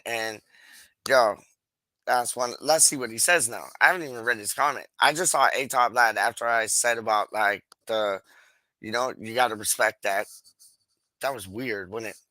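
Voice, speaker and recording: A man hosting a casual live stream, reading comments in loose slang and repeating his catchphrases. His voice is bright and forceful, mid-pitched, and sits dry and close on the mic. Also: dry recording, rough recording. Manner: slangy, animated, laughs often, repeats phrases.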